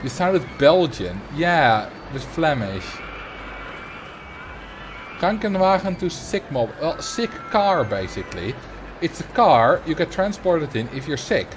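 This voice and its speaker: A man's voice: a little high, sing-song, slow, background noise. A man with a Dutch accent giving casual, joking commentary while livestreaming a game. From Netherlands. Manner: chatty, laughs often, jokes about words.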